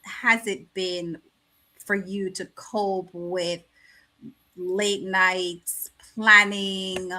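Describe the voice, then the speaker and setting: A woman hosting a talk show, asking her guests measured questions. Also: mid-range voice, level tone, pushed and bright, poor audio.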